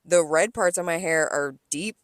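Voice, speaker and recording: A young woman co-hosting a podcast, telling a story in an animated way, acting out quotes and swearing. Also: sits low, moderate pace, dry recording, studio quality. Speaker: podcast co-host. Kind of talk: casual chat.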